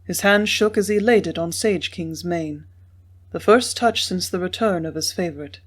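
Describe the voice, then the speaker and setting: A woman narrating a classic Western novel in a measured reading style. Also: lowish voice. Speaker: audiobook narrator. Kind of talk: scripted narration.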